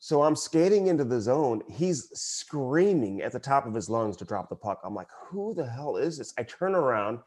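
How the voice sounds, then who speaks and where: A man's voice: mid-range voice, big pitch swings, moderate pace, hardly any pauses, a little mellow. A man co-hosting a podcast who works as a broadcaster, telling a story in casual chat while laughing at himself.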